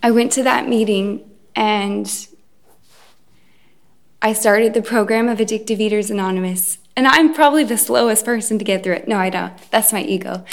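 A woman sharing her personal recovery story at a meeting, hesitant with many pauses and restarts. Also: mid-range voice, gravelly. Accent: Irish. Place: event room. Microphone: recorded.

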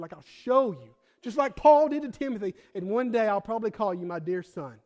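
A young man with a fairly high voice preaches in a church, talking the way he would with friends, full of "like" and "bro". He swings between hushed, intimate storytelling and loud, fired-up emphasis. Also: lively intonation, normal speed. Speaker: pastor. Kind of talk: sermon.

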